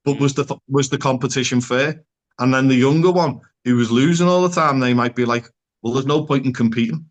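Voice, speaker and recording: An earnest man speaking as a psychotherapist guest on a podcast. His voice sits at an ordinary middle pitch, and he talks it through casually and keeps asking rhetorical questions. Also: fairly quick.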